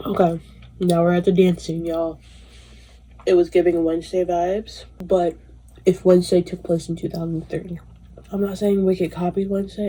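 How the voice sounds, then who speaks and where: Mellow, husky young woman ranting about a movie. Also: on the low side, measured pace, pauses often. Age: 20s. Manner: animated, emotional, swears freely. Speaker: movie reviewer. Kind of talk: casual chat.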